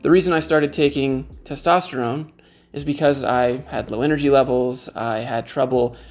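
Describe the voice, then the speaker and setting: A man's voice: mid-range voice, fairly even intonation, moderate pace, darkish tone, faint music behind. A man in his thirties talking frankly to the camera in a casual vlog, joking as he goes. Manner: frank, joking, conversational, shows items to the camera. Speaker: YouTube creator.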